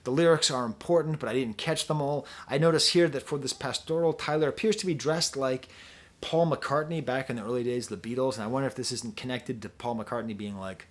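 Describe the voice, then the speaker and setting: A man's voice: medium pitch, brisk. A man casually reviewing a concert video song by song, rambling and often breaking off mid-sentence. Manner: rambling, digressive, self-interrupting. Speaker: music reviewer.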